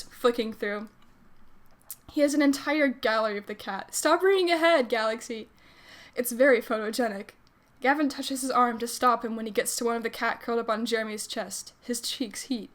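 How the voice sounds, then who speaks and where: A woman streamer reads fanfiction aloud on a livestream in a loose, casual way. Her voice sits fairly high, and she giggles and breaks off for chatty asides between passages. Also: fairly even intonation, moderate pace.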